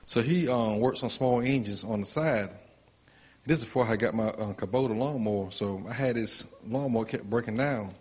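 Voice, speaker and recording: Man, church testimony, casual, rambling, raspy voice. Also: medium pitch, moderate pace. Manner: rambling, many fillers. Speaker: church member sharing a story.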